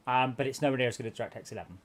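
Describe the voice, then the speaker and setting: Hosting a game stream, a young man keeps up an exasperated running commentary in casual gameplay chat, stumbling and restarting as he goes. He speaks very fast in a mid-range voice.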